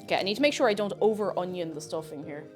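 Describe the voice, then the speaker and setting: Chatty woman streamer cooking live, playful, a lively higher voice, faint music behind. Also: rapid-fire. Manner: playful and chatty, breaks into silly noises and sings along. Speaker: livestreamer and VTuber. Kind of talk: casual chat while cooking on a livestream.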